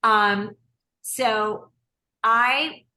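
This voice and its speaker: A woman leads a business coaching session over a video call, talking in a quick, chatty way that keeps breaking off and restarting. Her voice is bright and forceful, and it carries an echo from the room she is in. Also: on the high side. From United States. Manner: quick, chatty, self-interrupting, encouraging.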